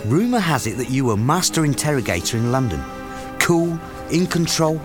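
A man's voice: mid-range voice, sing-song, moderate pace, over music, close to an everyday voice. An actor playing a blunt police colleague who urges his partner on. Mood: urging.

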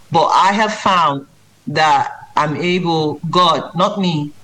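A woman speaking as a children's book author in an interview. She talks earnestly and with emphasis. She turns lively when she mimics reading aloud to a child. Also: low voice, slight background noise, poor audio. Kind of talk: interview answers.

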